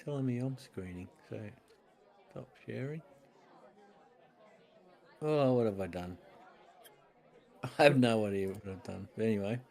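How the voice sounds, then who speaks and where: A man's voice: on the low side, measured pace, creaky, long pauses, darkish tone, a faint crowd. A man co-hosting a casual home-brewing pub chat over a video call, easygoing and laughing often. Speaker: podcast co-host.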